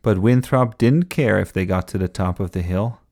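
A man reading a children's bedtime story aloud in an expressive storybook style. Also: on the low side, normal speed.

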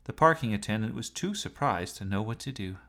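A man reads a story aloud in an expressive way. His voice is low and gravelly, and his pitch rises and falls widely. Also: brisk. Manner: expressive reading. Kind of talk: storybook narration.

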